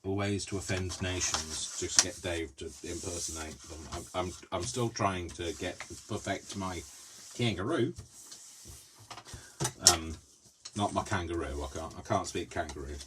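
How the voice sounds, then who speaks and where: Deep-voiced giggly man with noisy recording. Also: steady tone, moderate pace. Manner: chatty, giggly, talks to himself. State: tired, giddy from little sleep. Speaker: crafting video host. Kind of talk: live craft demonstration, casual chat.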